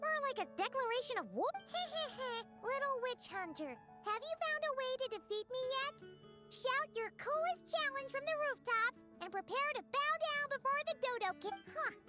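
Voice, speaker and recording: A tiny floating fairy girl with a very high, bouncing voice that swoops all over the place. She chatters eagerly in a game cutscene and calls herself by name instead of saying I, with loud game music playing underneath. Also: expressive, moderate pace. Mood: teasing. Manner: talks about herself in the third person.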